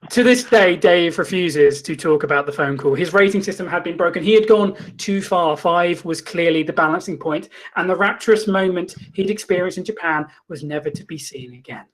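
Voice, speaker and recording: A man hosting a comedy show, reading a mock-documentary story in a deadpan, mock-dramatic way. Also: on the high side, fairly quick, few pauses. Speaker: comedy host. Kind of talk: mock-documentary comic narration.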